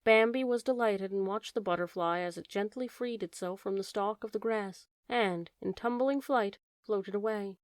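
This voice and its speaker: A woman narrating a classic animal fairy tale as an audiobook, reading in a slow, measured way. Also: medium pitch, no room sound, clean studio sound. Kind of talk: scripted storybook narration.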